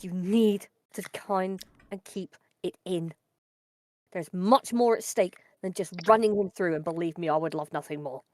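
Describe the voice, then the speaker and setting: A woman's voice: lowish voice, moderate pace, darkish tone, no room sound, close to an everyday voice. A woman voicing her tabletop adventurer, who urgently pleads with an ally to hold back. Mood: urgent pleading. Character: tense adventurer restraining an ally.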